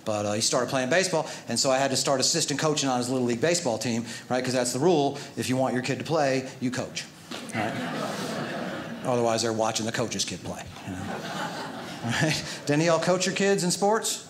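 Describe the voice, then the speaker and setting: A man's voice: medium pitch, brisk, background noise. A man doing a stand-up comedy set, telling stories and acting out the people in them. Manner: animated storytelling, acts out his son and other parents. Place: theater stage before a live audience. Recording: roomy hall with audience laughter. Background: crowd laughter.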